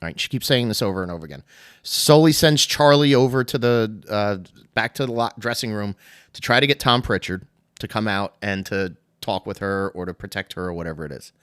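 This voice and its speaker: A man's voice: fairly low pitch, a little fast, fairly bright tone, clean tone, no echo. Rambling male podcast host, dry sound. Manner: rambling, filler-heavy retelling with laughs. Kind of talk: casual podcast storytelling.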